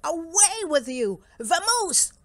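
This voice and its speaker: A woman voicing a grumpy male bear who hates visitors, with loud, exasperated outbursts, in a storybook read-aloud. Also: high voice, little pitch movement, takes it slowly, dry recording. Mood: furious.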